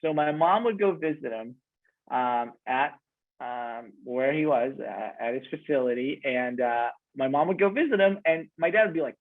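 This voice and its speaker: Male comic storyteller, halting, filler-heavy delivery, mid-pitched voice, phone-line radio sound. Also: lively intonation. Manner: halting, lots of fillers, switches from frank to joking.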